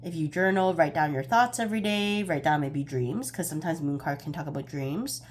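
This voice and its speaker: A woman's voice: deep voice, fairly quick, a little hiss or hum. A young woman giving a casual pick-a-card tarot reading, chatty and a bit scattered, often laughing at herself.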